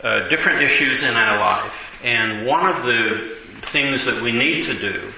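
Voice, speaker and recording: A man preaching a sermon as a pastor, speaking conversationally, drawing out key words for emphasis and pausing on frequent ums. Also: mid-range voice, vocal fry, pushed and bright, slight background noise. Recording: echoey lo-fi hall recording.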